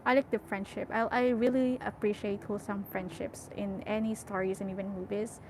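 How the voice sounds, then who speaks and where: A woman's voice: mid-range voice, flat delivery, fairly quick, background noise. Emotional young woman reading a novel aloud. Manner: emotional, self-correcting, chatty. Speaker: audiobook reader.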